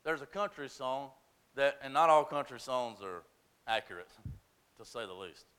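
Man, pastor, sermon, bright tense tone, shouting and hushed by turns. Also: medium pitch, lively intonation, normal speed, clean tone. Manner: preaching with sudden shouts and hushed drops.

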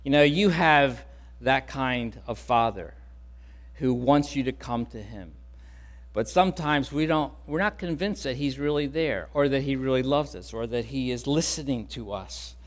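A man pastor preaching a sermon in an earnest, conversational way, softening on key words. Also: medium pitch, a little slow, in a large hall.

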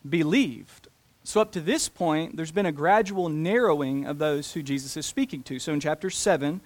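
A man preaching a sermon, talking deliberately and slowing down to stress key phrases. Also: fairly high pitch. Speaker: pastor.

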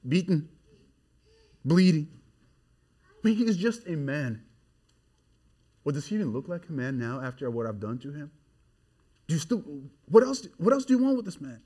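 A man preaching an expository sermon, swinging from hushed, grave passages to loud, excited emphasis. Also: fairly high pitch, normal speed, long pauses, slightly rough.

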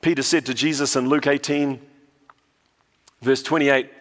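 A man's voice: mid-range voice, fairly even intonation, unhurried, pauses often, fairly bright tone, long reverb tail. A male pastor from New Zealand preaching a sermon, telling stories and often repeating words as he restarts a phrase.

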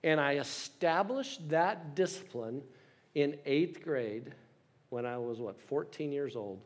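Older male pastor in his 60s, slightly higher voice, tells stories with self-deprecating humor. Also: animated, slow pace. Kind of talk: sermon.

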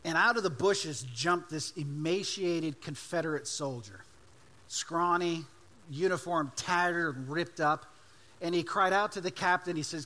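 A man preaching a sermon as pastor, emphatic, swinging between loud declarations and hushed asides. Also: fairly high pitch, unhurried.

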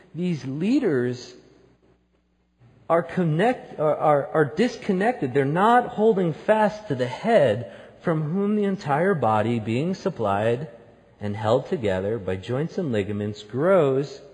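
A man's voice: a little high, animated, slow. Man preaching in an echoing hall. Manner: storytelling, building to loud emphatic peaks. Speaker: pastor. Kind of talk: sermon.

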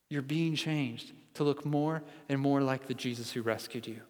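A man's voice: mid-range voice, moderate pace, hardly any pauses, long reverb tail. A man preaching a sermon as pastor, earnest and building to emphatic repetition.

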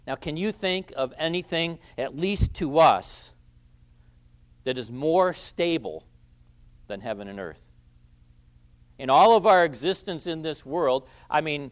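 A man preaching an expository sermon, who stresses key phrases loudly, repeats them and lets his phrase endings drop quiet. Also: mid-range voice, unhurried. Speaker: pastor.

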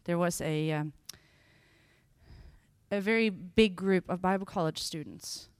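Woman preacher, sermon, expressive, slows on key phrases, dry close sound. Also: fairly low pitch, clean tone, no echo. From Sweden. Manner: expressive, acts out scenes with sudden loud bursts.

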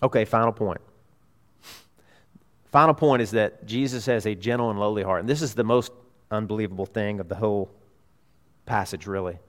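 A man preaching a sermon as a pastor in a church, emphatic, repeating key phrases and swinging between loud urgency and hushed tones. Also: on the low side, moderate pace, long pauses.

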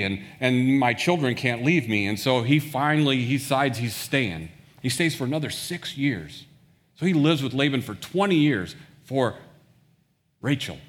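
A man's voice: lowish voice, fairly bright tone. A man preaching a sermon, retelling a scripture story in plain words and briefly acting out the characters' lines. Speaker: pastor. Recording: long reverb of a large hall.

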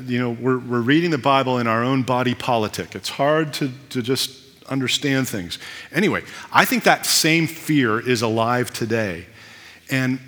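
A man's voice: mid-range voice, fairly bright tone, long reverb tail. A man preaching a sermon as pastor, conversational with self-deprecating asides.

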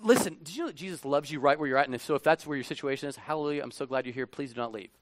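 Male pastor, fairly high voice, dry close sound; preaches conversationally, drops to near-whispers then bursts out loud. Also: very fast, dry recording. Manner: animated, swings from hushed asides to loud emphatic bursts. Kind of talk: conversational sermon.

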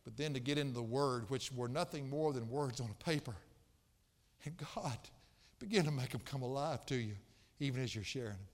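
A man preaching a fervent sermon, rising almost to shouts on key phrases. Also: mid-range voice, a little fast. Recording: echoey hall reverb.

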